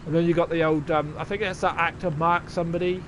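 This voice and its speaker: A man's voice: a little high, little pitch movement, quick pace, a bit bright, slight background noise. A man chatting casually and sarcastically while streaming a game, swearing freely. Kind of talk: casual live-stream chat.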